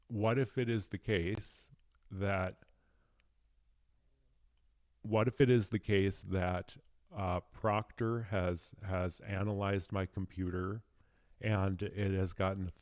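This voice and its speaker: A young man with a fairly low voice talks off the cuff and unscripted. He rambles and hesitates, circling back over his own stories. The sound is dry and close, with no room echo. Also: darkish tone. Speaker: speed chess player. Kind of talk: casual unscripted monologue.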